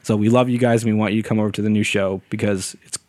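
A man's voice: lowish voice, fairly even intonation, very fast, darkish tone, dry recording. A man co-hosts a casual podcast while fighting off a cold. His talk is loose and joking, with frequent laughs. The sound is close and dry. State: sick, a bit hoarse. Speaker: podcast co-host.

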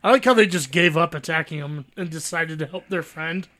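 A man's voice: fairly high pitch, brisk, bright, forceful tone. A man casually riffing on a movie with friends, tossing in hesitant, jokey asides.

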